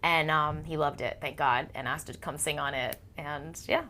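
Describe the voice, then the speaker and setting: A woman in her thirties, a singer-songwriter telling stories in a casual interview, animated, acting out quotes and laughing often. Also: low-pitched, moderate pace, slight background noise.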